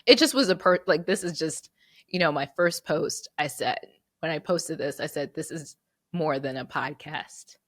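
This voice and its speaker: A woman's voice: low voice, fairly even intonation, a little slow, no room sound, studio quality. A woman hosting her podcast solo, reflecting earnestly and fighting back tears, with restarts and repeated words. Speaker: podcast host.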